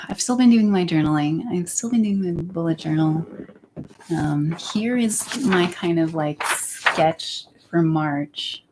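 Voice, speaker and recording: A woman's voice: lowish voice, slow pace, background noise. A young woman chatting candidly on her livestream, rambling and sometimes dropping into a whisper. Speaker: YouTuber. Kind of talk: casual livestream chat.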